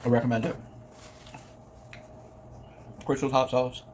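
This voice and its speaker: A man's voice: medium pitch, level tone, a little slow, darkish tone. Guy eating on camera, chatty and playful, hums and sings little bits, medium voice, faint noise behind. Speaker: mukbang vlogger. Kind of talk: casual eating vlog talk.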